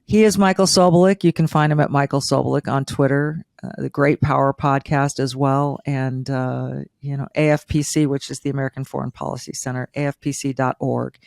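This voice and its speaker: A woman's voice: rumbling low, fairly even intonation, a little fast, gravelly, hardly any pauses, no room sound, studio quality. Emotional middle-aged woman podcast host. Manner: emotional, warm and rambling with restarts. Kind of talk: interview.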